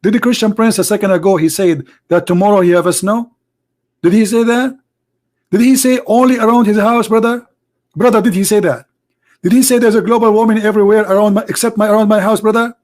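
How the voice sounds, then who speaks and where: A man voicing an excited, pestering man who keeps calling everyone brother, in shrill, exaggerated mockery. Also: fast, close to an everyday voice. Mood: mocking, excited.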